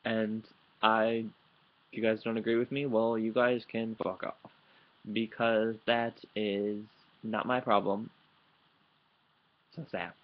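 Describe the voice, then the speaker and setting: Casting note: a man fired up in a late-night webcam rant, low voice, swearing constantly, muffled lo-fi audio. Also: level tone, measured pace. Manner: heated, profane, rambling with restarts. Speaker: vlogger. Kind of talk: angry vlog rant. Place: indoors at home, late at night. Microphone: computer microphone.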